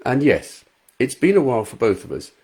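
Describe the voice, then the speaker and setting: A man's voice: medium pitch, sing-song, a little fast, gravelly, a little mellow, husky, heavily acted. A man reading his romance novel aloud at home, voicing an eager, playful young man. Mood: tender. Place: home front room.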